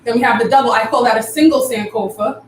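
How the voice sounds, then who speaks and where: Dance teacher calling rhythms, echoey. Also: female voice, on the high side, fairly even intonation, quick pace. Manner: counts rhythms aloud with vocal syllables. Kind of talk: live online dance class instruction. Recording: echoey room from far off, faint noise.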